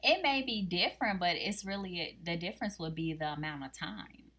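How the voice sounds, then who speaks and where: A woman co-hosting a casual podcast, chatting about a reality TV show in an animated way and laughing often. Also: fairly low pitch, moderate pace. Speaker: podcast co-host.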